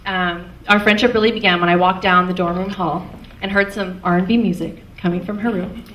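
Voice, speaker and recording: A woman's voice: fairly low pitch, steady tone, brisk, fairly bright tone, muffled recording. A young woman from Canada, the maid of honor, giving a fond, light wedding toast and chuckling between lines. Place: wedding reception hall. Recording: echoey hall from far off, faint noise.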